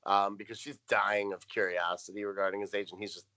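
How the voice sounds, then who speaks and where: In a rough recording, a podcast co-host with a lowish, pushed and bright voice speaks fairly quickly in a flat delivery. He casually recaps a sitcom episode, rambling as he reads from his notes with frequent ums and restarts.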